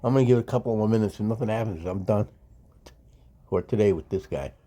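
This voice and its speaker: A man's voice: on the low side, fast, warm tone. A man co-hosting a podcast, heckling the host bluntly in casual chat.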